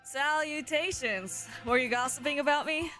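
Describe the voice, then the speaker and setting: Woman doing a flamboyant pigeon gentleman. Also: high voice, soft background music. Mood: playful. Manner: theatrical, drawn-out, flowery speech. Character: flamboyant charming male pigeon schoolboy, unbothered.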